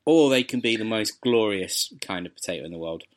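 A man talks in a fairly low voice on a chatty podcast. He rambles and hesitates, restarting his sentences as he thinks aloud. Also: expressive, brisk. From South London. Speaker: podcast co-host. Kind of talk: casual chat.

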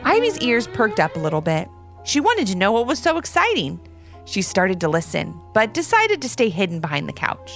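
Animated woman reading a children's story. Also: mid-range voice, normal speed. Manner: animated, expressive read-aloud. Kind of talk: scripted children's story narration. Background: soft music.

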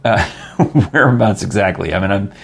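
A man's voice: lowish voice, animated, moderate pace, creaky, a little hiss or hum. An older man hosting a casual chat show, chatty and jokey, rambling into asides. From New York. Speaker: podcast host.

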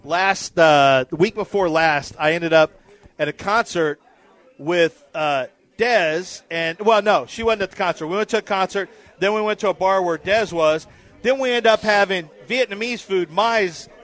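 A man's voice: sits high, a little slow, fairly bright tone. A man co-hosting a live radio show from a bar, rambling and calling out names to the crowd. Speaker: radio co-host. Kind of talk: live radio chat at a party. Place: bar during a live broadcast.

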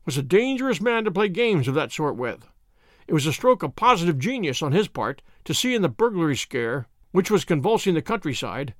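A man reading aloud, voicing a confident, sharp detective who explains in a measured way. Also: on the high side, no room sound, studio quality.

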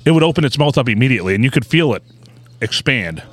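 Animated, laughing man in his forties. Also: medium pitch, fast talker, faint music behind. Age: 40s. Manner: rambling, laughing storyteller. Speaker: podcast co-host. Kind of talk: crude casual chat.

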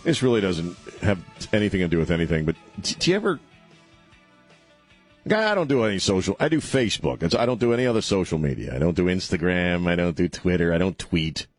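Husky, low-voiced man hosting talk radio. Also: sing-song, a little fast, no room sound, faint music behind. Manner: rambling and sarcastic, with frequent restarts. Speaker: radio talk show host. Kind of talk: casual talk radio monologue. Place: radio studio.

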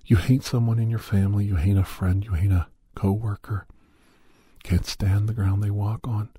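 A man's voice: lowish voice, fairly even intonation, moderate pace, dark tone, slightly rough, no echo, clean studio sound. A man giving a rambling, preachy moral monologue, often sliding into a whisper. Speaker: monologue speaker.

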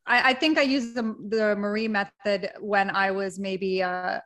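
A woman's voice: medium pitch, fairly even intonation, unhurried, fairly bright tone. A woman from Canada, a podcast guest, chatting in a giggly, upbeat way. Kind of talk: casual interview chat.

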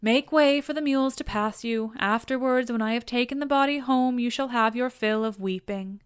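A woman's voice: on the high side, normal speed, smooth, dry recording, studio quality, lightly acted. A woman voicing a grieving old king who gives urgent commands, in a storybook reading.

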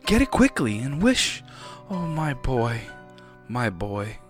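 A man's voice: mid-range voice, animated, takes it slowly, faint music behind. A man voicing a feverish, hysterical old mother who insists on a desperate wish in an audiobook reading.

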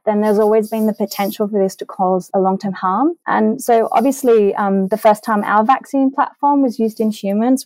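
Woman, middle-aged scientist guest; mellow, slightly high, dry sound; earnest, hesitant phrasing. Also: no room sound, poor audio. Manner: earnest, frequent fillers and restarts, enthusiastic. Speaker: vaccine immunologist guest. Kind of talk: remote interview answers.

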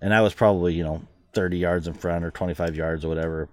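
Middle-aged man for a casual chat: low voice, dry close recording, rambling delivery with frequent laughs. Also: steady tone, quick pace, no echo. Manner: rambling, laughs often, trails off quietly.

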